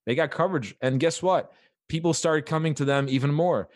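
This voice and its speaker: A man's voice: on the high side, fairly quick, no room sound, clean studio sound. A young man co-hosting a podcast, emphatic and fired up, swearing casually. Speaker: podcast co-host.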